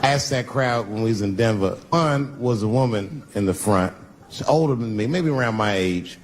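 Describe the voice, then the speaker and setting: A man in his fifties performing a stand-up comedy set on a large theater stage, telling stories at a relaxed pace and leaving room for the crowd's laughter. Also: fairly low pitch, moderate pace. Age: 50s. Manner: laid-back storytelling with crowd laughter breaks. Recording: reverberant hall with loud crowd.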